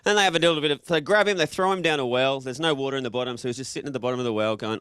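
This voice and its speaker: A man's voice: mid-range voice, rapid-fire, fairly bright tone, smooth, no echo, studio quality. Joking Australian man preaching. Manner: joking, casual, quizzes the audience. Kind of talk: interactive sermon to a live congregation.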